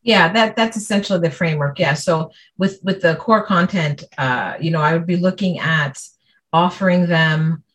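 Woman speech therapist, lower voice, patient explaining, casual chat. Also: normal speed. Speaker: speech-language pathologist.

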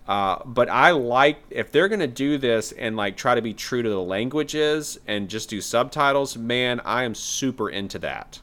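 A laid-back young man runs through movie trailers in a casual podcast chat. He often drops in "man" and "yeah", and his voice sits at a middle pitch. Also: animated, moderate pace, few pauses, a bit bright. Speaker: podcast co-host presenting trailers.

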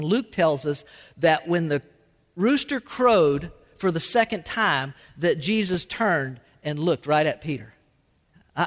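A man's voice: high-pitched, a bit bright, long reverb tail. A man preaching a sermon as a pastor, emphatic and repeating his words as he drives points home. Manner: emphatic, repeats words, Southern-style y'all.

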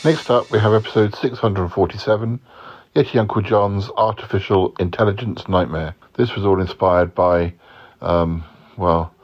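A man hosting a podcast, moving haltingly between a comedy sketch and an episode recap with many ums. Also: sits low, steady tone, soft background music. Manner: hesitant, full of ums, mock-formal. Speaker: podcast host. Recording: dull lo-fi sound.

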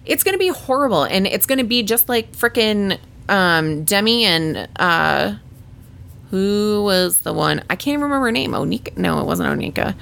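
A woman co-hosting a casual podcast, talking about reality TV in an animated, exasperated way and swearing freely. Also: mid-range voice, normal speed, vocal fry. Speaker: podcast co-host. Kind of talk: casual reality-TV recap chat.

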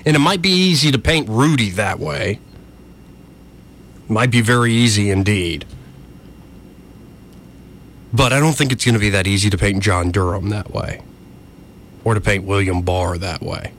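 A man's voice: lowish voice, moderate pace, pauses often, a bit bright, slight background noise. A man giving argumentative political commentary, addressing his listeners directly. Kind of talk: opinion commentary.

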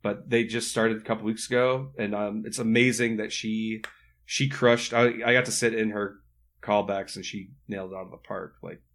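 A man's voice: lowish voice, steady tone, moderate pace, a bit bright. A man who performs improv comedy, a podcast guest, joking and self-deprecating as he plugs his shows. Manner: jokey, self-deprecating, easygoing. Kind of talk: casual podcast chat.

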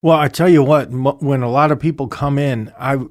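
A man co-hosting a podcast as a financial advisor, talking in a relaxed, conversational way and explaining things plainly. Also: medium pitch, fairly quick, no room sound. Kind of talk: casual podcast chat.

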